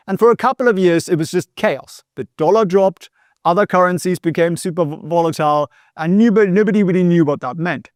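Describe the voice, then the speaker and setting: A man explains history straight to camera in a chatty, joking way, often tossing in "right?" tag questions. His voice sits a little high. It is recorded dry and close, with hardly any room sound. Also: no echo. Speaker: host.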